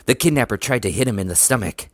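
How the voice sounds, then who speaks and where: A man narrates a children's storybook in a steady, even reading voice. His voice sits low. The recording is dry and close, with no room sound. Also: quick pace, no echo. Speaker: audiobook reader.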